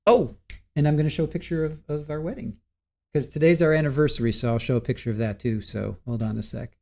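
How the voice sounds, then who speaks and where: A man's voice: on the high side, quick pace, gravelly, warm tone. Rambling middle-aged man streaming live. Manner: rambling, stumbles and restarts words, reads chat aloud. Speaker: livestream host. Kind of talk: casual livestream chat.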